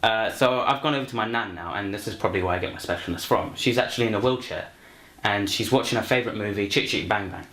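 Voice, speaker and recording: A man's voice: lowish voice, fast talker, fairly bright tone. A young man introducing himself and telling a comic story, rambling with many fillers and restarts. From London. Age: young adult. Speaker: university student, actor. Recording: roomy echo, faint music.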